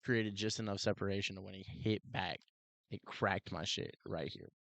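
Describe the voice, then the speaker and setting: A man co-hosting a podcast, telling a story in a casual, animated way, full of "like" and "dude" and acted-out quotes. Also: deep voice, normal speed, vocal fry, no echo. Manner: animated, heavy use of "like" and "dude", acts out quotes. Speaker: podcast co-host, police officer.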